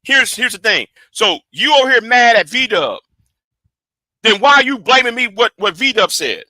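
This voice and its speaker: A live streamer with a very high, very animated voice confronts a rival directly, ranting angrily and profanely at normal speed. His tone is sharp, and the streaming-setup recording is dry and poor in quality.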